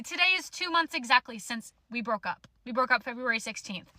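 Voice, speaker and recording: A woman's voice: high voice, lively intonation, quick pace, hardly any pauses, bright, forceful tone. A young woman telling a storytime to her phone camera in an angry rant, swearing bluntly. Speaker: social media storyteller.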